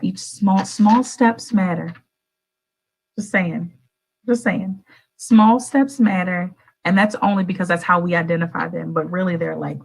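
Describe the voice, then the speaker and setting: A woman hosting a radio show, talking in a casual, motivational monologue straight to her listeners. She is animated and chatty, swoops up in pitch for emphasis and calls her audience "baby" and "y'all". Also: gravelly, low-quality recording. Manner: addresses listeners directly and affectionately.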